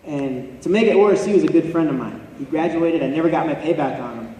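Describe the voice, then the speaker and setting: A man's voice: on the high side, a little fast, mellow, slight background noise. A young man giving a motivational talk to an audience, telling a personal story earnestly with touches of self-deprecating humor. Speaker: motivational speaker. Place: large hall before an audience. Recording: echoey hall recorded from far off.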